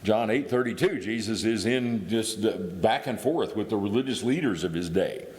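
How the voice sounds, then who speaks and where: Low-voiced man preaching in a reverberant hall. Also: moderate pace, darkish tone. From Indiana. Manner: conversational, thinking aloud with restarts. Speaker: guest preacher. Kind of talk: sermon. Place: church hall.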